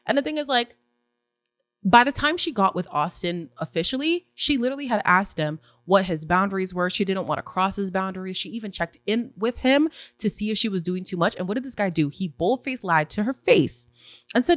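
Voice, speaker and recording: A woman hosting a casual recap podcast, opinionated and animated, often acting out what others said. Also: medium pitch, brisk, no room sound. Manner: opinionated, animated, acts out quotes in voices. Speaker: podcast host recapping a reality show.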